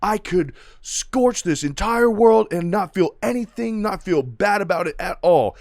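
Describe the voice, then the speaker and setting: A man voicing an arrogant, godlike male superhero who shouts grandiose threats. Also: high-pitched, expressive, measured pace, no room sound, studio quality, voice pushed up. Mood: raging.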